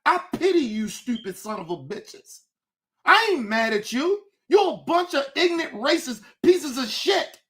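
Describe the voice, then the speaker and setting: A man hosting his own show, delivering an impassioned, profane commentary rant that swings between shouting and low, intense talk. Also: very animated, measured pace. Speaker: show host.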